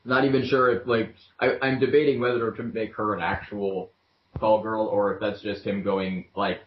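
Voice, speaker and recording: A man's voice: on the low side, level tone, moderate pace. A man playing a tabletop game, making wry, sarcastic remarks. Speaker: player. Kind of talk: tabletop role-play, casual. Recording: echoey, lo-fi room with faint noise.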